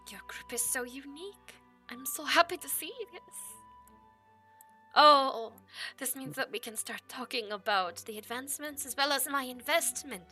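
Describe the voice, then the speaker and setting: Woman doing a rich noble lady hosting guests, super polite and proper, kinda bright voice. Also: fairly high pitch, expressive, moderate pace, faint music behind, full character voice. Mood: eager. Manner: polite, formal and welcoming. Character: wealthy gracious noblewoman hostess.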